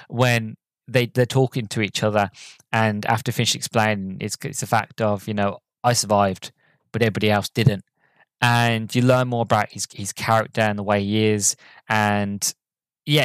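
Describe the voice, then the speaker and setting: A man's voice: on the low side, dry recording. A young man hosting a podcast, reviewing a film in casual, rambling talk with lots of restarts and fillers. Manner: acts out quoted characters in a raised voice. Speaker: podcast host reviewing films.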